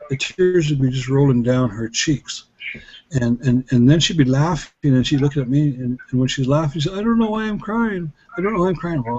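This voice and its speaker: A man's voice: mid-range voice, a little mellow. A middle-aged man talking earnestly about healing, telling stories with frequent restarts in a casual, reflective way. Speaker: healer and guest speaker. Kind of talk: casual storytelling talk. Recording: dull lo-fi recording with faint noise.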